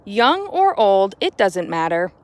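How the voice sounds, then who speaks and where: A woman voicing a calm, firm old rabbi. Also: mid-range voice, slow, dry recording. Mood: probing. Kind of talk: reading a picture book aloud to children.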